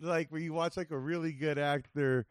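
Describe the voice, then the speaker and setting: A man hosts a casual podcast in a somewhat high voice. His talk is loose and rambling, full of "uh" and "like". The sound is dry and close to the mic. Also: fairly even intonation, normal speed, no echo. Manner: loose, rambling, lots of fillers and laughs. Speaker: podcast host.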